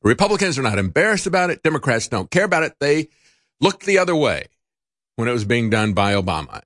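A man's voice: mid-range voice, fairly bright tone, dry recording. A man hosting a political talk show in a studio, delivering indignant, sarcastic commentary. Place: broadcast studio.

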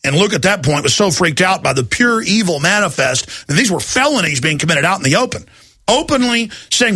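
Male talk radio host, high, piercing voice, dry sound, heated and emphatic ranting. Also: animated, moderate pace, pushed and bright, no echo.

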